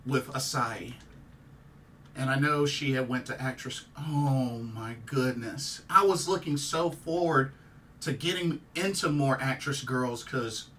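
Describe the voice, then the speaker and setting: A grieving man talks slowly and haltingly, sighing between repeated exclamations. He sits a little back from the mic, and a faint hum runs under the recording. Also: mid-range voice, sharp tone. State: emotional, grieving. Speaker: wrestling commentary YouTuber. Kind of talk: casual reaction vlog. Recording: distant mic with faint background noise.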